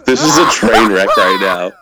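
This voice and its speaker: A man's voice: fairly low pitch, animated, normal speed, heavy background noise. A man co-hosting a podcast, rambling and laughing a lot as he swears his way through casual wrestling chat. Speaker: podcast co-host.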